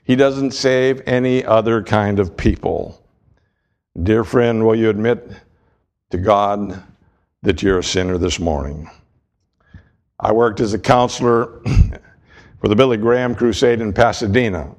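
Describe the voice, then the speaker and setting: A man preaching a sermon with emphatic, deliberate delivery and dramatic pauses. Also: fairly low pitch, darkish tone.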